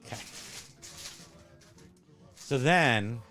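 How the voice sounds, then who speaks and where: A man's voice: mid-range voice, lively intonation, drawn-out words, pushed and bright, soft background music. Rambling, jokey man hosting casual chat. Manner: rambling, jokey, self-correcting. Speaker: host. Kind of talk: casual show-and-tell chat.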